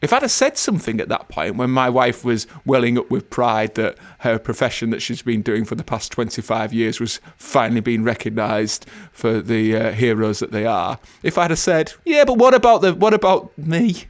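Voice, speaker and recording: A wry English man co-hosting a relaxed podcast. His voice sits at an ordinary middle pitch, and he talks in a self-mocking way. He pokes fun at himself more than at anyone else. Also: normal speed, few pauses. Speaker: podcast co-host. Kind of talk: casual podcast chat.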